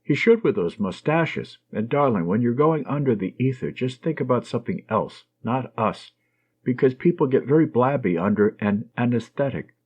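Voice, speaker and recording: A man reading an audiobook, voicing a teasing, affectionate young woman nurse in a husky, slightly raised voice that swings lively up and down, on a dull lo-fi recording. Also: mid-range voice, normal speed. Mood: tender.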